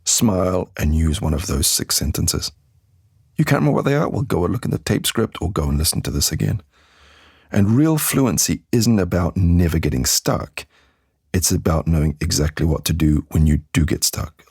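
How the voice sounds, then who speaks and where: Low gravelly guy teaching english phrases, acts out the lines, dry close sound. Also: expressive, normal speed, a little mellow, dry recording. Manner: demonstrates phrases with shifting intonation. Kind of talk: podcast language lesson.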